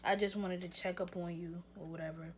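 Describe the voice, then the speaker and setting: Young woman doing a young ex-boyfriend, lower voice, quiet, coaxing drawl. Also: little pitch movement, brisk, slight background noise, lightly acted.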